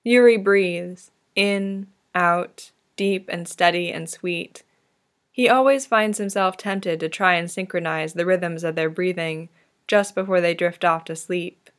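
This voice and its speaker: A woman narrating a fan-fiction story in a gentle, tender manner. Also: on the low side, unhurried.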